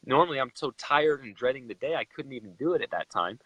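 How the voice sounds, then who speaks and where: A young man from Utah tells a personal story as a chat guest, in an emotional, animated way. His voice is bright and forceful, and it sounds dry and close, with no room echo. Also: mid-range voice, fast, slightly rough, muffled recording.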